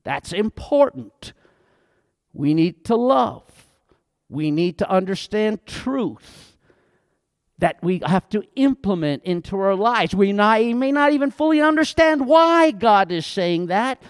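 A man's voice: high-pitched, expressive, takes it slowly, smooth, dry recording, clean studio sound. A middle-aged man, a pastor, preaching an earnest, conversational sermon that rises into emphatic outbursts.

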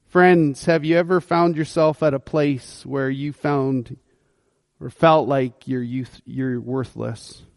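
A man's voice: high voice, no echo, studio quality. A male pastor preaching a sermon, retelling a Bible story and acting out the figures' voices.

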